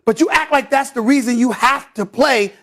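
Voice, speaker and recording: A man hosting a heated sports debate, loud and theatrical, stammering and repeating words when worked up. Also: very high-pitched, moderate pace.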